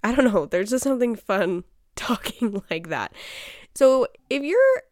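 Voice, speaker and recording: A woman's voice: fairly high pitch, big pitch swings, measured pace, a little mellow, no room sound, clean studio sound. A woman hosting her own show, talking casually in a chatty, exasperated way and often laughing. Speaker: podcast host. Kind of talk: casual solo chat.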